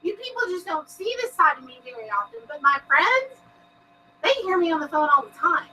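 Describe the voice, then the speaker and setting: A woman's voice: extremely high pitch, very animated, brisk, sharp tone, recorded from a distance, slight background noise, low-quality recording. A woman hosting a paranormal live stream, giggly and bubbly, who swears a lot and talks to her chat from home. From Texas. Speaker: paranormal show host.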